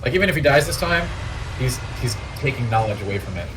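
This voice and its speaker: A man's voice: medium pitch, lively intonation, fast, background noise. A man co-hosting a gaming stream, chatting casually and mock-dramatically while eating hot wings. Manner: playful, mock-dramatic, stammers on restarts.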